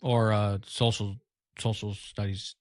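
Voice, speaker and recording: A man's voice: on the low side, flat delivery, unhurried, dry recording, clean studio sound. A man hosting a podcast, chatting casually with rambling, joking asides. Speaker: podcast host. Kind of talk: casual chat.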